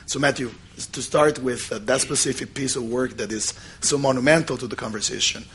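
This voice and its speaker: A man moderating a panel conversation in English, which is not his first language, hoarse from losing his voice, clearing his throat often and pausing with fillers. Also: mid-range voice, fairly bright tone, a little hiss or hum. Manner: frequent throat clearing and hesitations.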